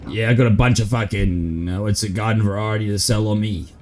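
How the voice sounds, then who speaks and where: A man's voice: lowish voice, fairly even intonation, brisk, darkish tone, slight background noise. An Australian man chatting casually during a roleplay stream, laid-back and swearing freely, calling everyone mate. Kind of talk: casual in-character roleplay chat.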